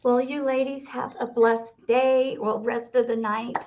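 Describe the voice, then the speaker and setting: An older woman hosts a casual interview chat in a higher-pitched voice, talking slowly and with earnest feeling. The recording sounds dull and lo-fi. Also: fairly even intonation. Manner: earnest, heartfelt. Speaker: host.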